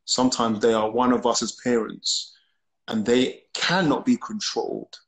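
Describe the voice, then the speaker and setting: A man's voice: mid-range voice, little pitch movement, moderate pace. A man talking casually and reflectively in a discussion. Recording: echoey room.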